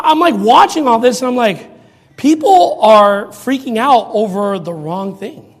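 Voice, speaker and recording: A man preaching in a mocking, sarcastic rant, now and then bursting into shouts. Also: extremely high pitch, animated, measured pace. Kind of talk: ranting commentary. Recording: long reverb.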